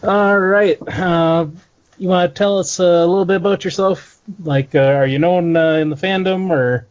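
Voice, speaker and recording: A man's voice: high-pitched, steady tone, moderate pace. A man hosting a podcast in casual chat, laid-back, laughing often as he brings in his guests over a video call. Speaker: podcast host. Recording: lo-fi call audio.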